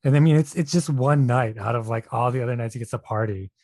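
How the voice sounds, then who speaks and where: A man chats in an easygoing way, working through his opinions. His voice is mellow and warm at a middle pitch, recorded dry. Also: fast, no room sound. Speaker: podcast co-host. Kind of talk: casual chat recapping a reality show.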